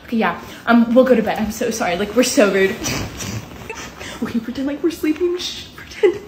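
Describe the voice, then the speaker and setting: A woman's voice: fairly high pitch, wildly swooping pitch, moderate pace, pauses often, roomy sound, background noise. A young woman in a casual comedy sketch, sassy and giggly. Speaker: comedy creator.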